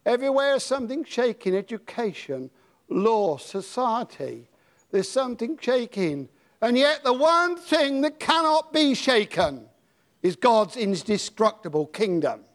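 Older British male preacher, high-pitched and slow, dramatic delivery that swings from hushed to shouting. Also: very animated. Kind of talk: sermon.

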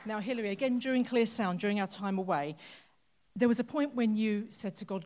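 A woman's voice: mid-range voice, fast, darkish tone. A woman leading testimonies in a church service, upbeat and prompting each speaker with questions. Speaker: church leader interviewing members.

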